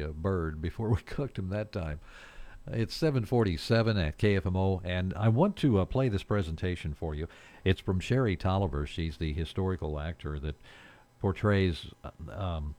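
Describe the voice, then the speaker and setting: A man's voice: low-pitched, darkish tone. A man hosting a small-town morning radio show, chatting casually and rambling through announcements and jokes. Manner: folksy, rambling, jokes and chuckles. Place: radio studio.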